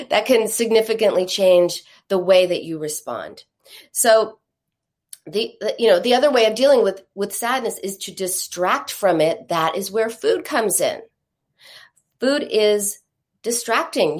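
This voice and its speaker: A woman giving a live teaching talk to an audience, telling stories in an earnest way with lively asides. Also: mid-range voice. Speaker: teacher on emotional eating.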